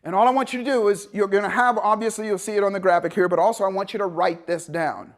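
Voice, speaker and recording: A man teaching a motivational seminar, telling a story with lively acted-out dialogue and swings between loud bursts and hushed, calm passages. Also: high-pitched, fast. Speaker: motivational coach.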